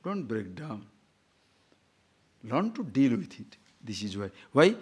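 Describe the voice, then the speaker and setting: Animated man giving a spiritual talk. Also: medium pitch, slow, husky. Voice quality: Sanskrit verses recited. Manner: animated storytelling, laughs at own jokes, rising emphatic questions. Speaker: spiritual teacher. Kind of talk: spiritual discourse with jokes.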